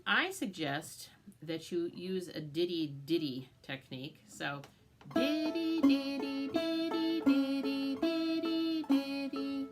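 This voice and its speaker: Woman teaching banjo over loud picking. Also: deep voice, vocal fry. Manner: patient step-by-step explaining, chants picking rhythms. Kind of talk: instructional music lesson. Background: loud banjo playing.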